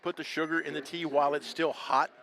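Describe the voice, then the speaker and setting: A Texan man with a drawl, chatting folksy color commentary at a live match. His voice sits a touch higher than most men's, and the sound of the open-air field surrounds him. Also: little pitch movement, a little fast, fairly bright tone, slight background noise. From Texas. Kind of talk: live sports commentary banter. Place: outdoors at a paintball field.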